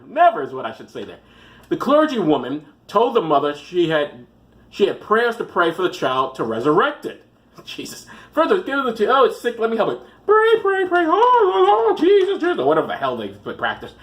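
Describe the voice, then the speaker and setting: A man's voice: a little high, fairly bright tone. A man hosting a show, reading news stories aloud with rambling, sarcastic comic asides. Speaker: host.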